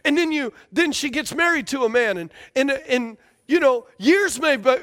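A man's voice: very high-pitched, expressive, normal speed, fairly bright tone. A man preaching a sermon as a pastor, emphatic and repetitive, often asking the congregation for responses.

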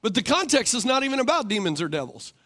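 Male pastor, high voice, sermon style, big on call-and-response. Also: very animated, quick pace, a bit bright. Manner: rhetorical, calls for congregation responses; repeats questions for emphasis.

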